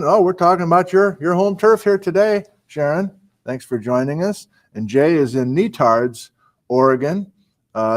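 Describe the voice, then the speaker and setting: A man hosting a live-streamed program, chatting casually, greeting viewers and reading out their hometowns, with frequent fillers and asides. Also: medium pitch. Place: small indoor room on a college campus.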